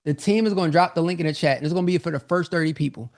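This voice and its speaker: Host for a live sales webinar: a man with a slightly raised, gravelly voice, energetic and repetitive, a bit winded. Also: fairly high pitch, very fast. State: slightly out of breath. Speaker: online business coach hosting a live sales webinar.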